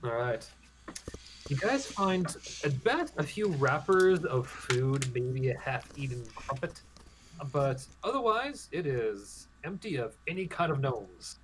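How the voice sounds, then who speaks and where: Brief: male game master, mid-pitched voice, halting narration full of ums, faint hiss in the background. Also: very animated, a bit bright, low-quality recording. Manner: hesitant, many ums and restarts.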